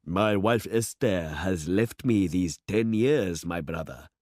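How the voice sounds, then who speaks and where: A man's voice: deep voice, takes it slowly, a little mellow, dry recording. A man voicing a worldly, boastful middle-aged city man who speechifies with rising fervor, in a dry, close storybook reading. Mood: jovial. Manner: expansive, speechifying, rising to oratory.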